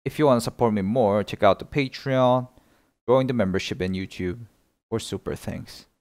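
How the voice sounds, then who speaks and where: A man streaming a shooter game, excitable and giggly, rambling commentary as he plays. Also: medium pitch, moderate pace.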